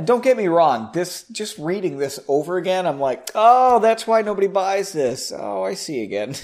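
A man hosting his own podcast from his basement, chatting casually and rambling, often poking fun at himself. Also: sits high. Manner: self-deprecating, rambling, laughs at himself. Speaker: podcast host. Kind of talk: casual solo podcast chat. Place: home basement.

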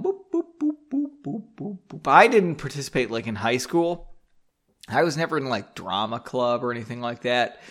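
Animated, self-deprecating man reading aloud. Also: medium pitch. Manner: joking, self-deprecating, swears often. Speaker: podcast host reading his own book. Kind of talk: casual book reading with tangents. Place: home basement.

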